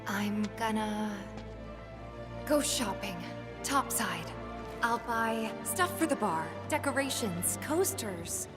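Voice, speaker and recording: A woman's voice: a little high, expressive, slow pace. An actress playing an earnest, caring young woman fighter in a video game, speaking with open emotion. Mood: fond. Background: game music.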